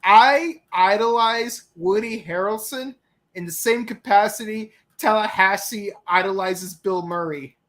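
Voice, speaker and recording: Excitable casual co-host, quick restarts, mid-range voice. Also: medium pitch. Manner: excitable, repeats words as he starts. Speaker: podcast co-host. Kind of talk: casual review chat.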